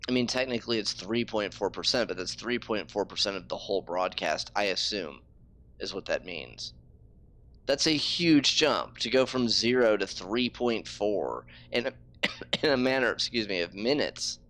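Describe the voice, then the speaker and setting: A man's voice: on the low side, expressive, moderate pace, a bit bright. A man streaming a game live, ranting in frustration and swearing freely. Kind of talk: casual live-stream talk.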